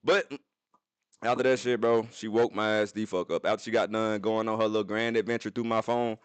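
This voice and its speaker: Young guy streaming off his phone, lowish voice, super animated and cussing, dry close sound. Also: fairly quick, clean tone, no room sound. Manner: animated, profane, jumps into high-pitched quoted voices. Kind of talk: casual storytelling to a live stream chat.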